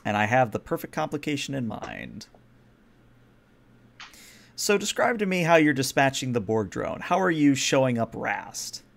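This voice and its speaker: A man's voice: medium pitch, normal speed, vocal fry, pauses often. Man running a tabletop game. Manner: explains rules patiently, relaxed. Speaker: game master.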